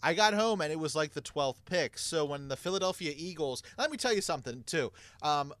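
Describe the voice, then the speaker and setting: A man with a bright, forceful, fairly high voice, co-hosting a casual sports podcast. He tells his story in a chatty way and gets louder when something excites him. The sound is dry and close. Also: a little fast, dry recording. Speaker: podcast co-host.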